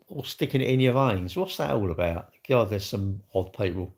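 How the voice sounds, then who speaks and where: A man's voice: mid-range voice, big pitch swings, moderate pace, few pauses, darkish tone. A man chatting casually on a live stream, rambling and answering viewer comments as he goes. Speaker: livestreamer and car dealer. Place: at work, indoors.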